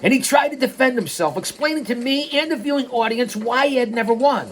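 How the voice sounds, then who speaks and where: A male host narrating a story in the first person. He is animated and drifts into tangents and plugs before getting back on track. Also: extremely high pitch, brisk.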